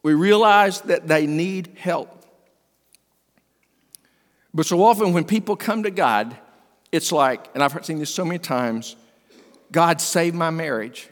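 An older man, a pastor, preaching an earnest sermon that swings between emphatic and hushed. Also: fairly high pitch, expressive, measured pace, pauses often. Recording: long hall reverb.

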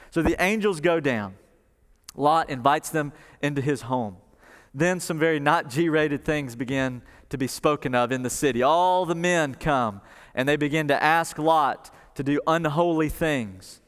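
A man delivering a sermon with animated storytelling and casual asides. His voice sits a bit high and comes through smooth and resonant. A long reverb from a large hall trails each phrase. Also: normal speed. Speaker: pastor.

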